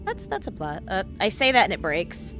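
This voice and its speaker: A woman's voice: medium pitch, wildly swooping pitch, normal speed. A woman live-streaming a video game, chatting casually and talking to her pet as she plays, with faint game music underneath.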